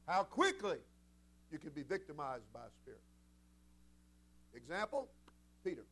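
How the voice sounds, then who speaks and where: A man, the senior pastor, preaching a sermon with animated delivery that climbs into shouted passages and acts out bits of the stories. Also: a little high, measured pace, long pauses, breathy edge.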